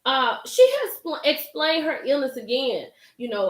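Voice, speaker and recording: A young woman hosting a live recap chat, animated and excitable, talking straight to her viewers by name. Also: on the high side, moderate pace, few pauses, reverberant. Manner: animated, gets hyped and loud, talks to chat by name. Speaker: livestream host recapping a reality show.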